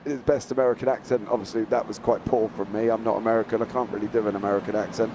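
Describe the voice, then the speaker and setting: A man commentating a live online sim race, chatty and jokey, lifting into excited play-by-play calls. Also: lowish voice, rapid-fire, hardly any pauses, slight background noise.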